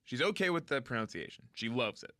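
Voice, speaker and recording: Man, bright voice, dry close mic, rambling comedic recap. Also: mid-range voice, animated, fast talker, dry recording. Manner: rambling, recapping with playful sarcasm. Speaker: podcast co-host. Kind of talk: casual comedic chat.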